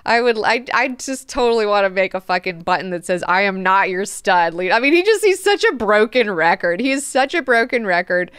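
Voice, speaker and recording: A woman hosting a book club, recapping chapters in a chatty, animated, profane way. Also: on the high side, a little fast, few pauses, clean tone, dry recording, studio quality.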